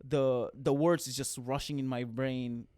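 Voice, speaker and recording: A young man from the Philippines co-hosting a casual podcast chat, animated and rushing his words. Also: mid-range voice, no room sound, studio quality. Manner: animated, rushes his words, repeats phrases. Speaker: podcast co-host.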